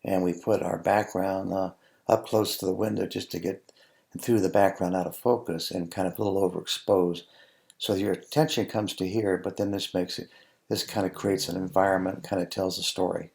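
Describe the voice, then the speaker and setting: A man, a food photographer, talking through his photos in a relaxed, halting way with many ums and restarts. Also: low-pitched, gravelly. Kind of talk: casual tutorial narration over photos.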